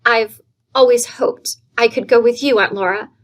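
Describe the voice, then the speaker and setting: A woman's voice: steady tone, normal speed, natural voice. A woman reading aloud and voicing an eager young girl who pleads passionately. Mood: earnest. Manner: high, earnest, emotional pleading.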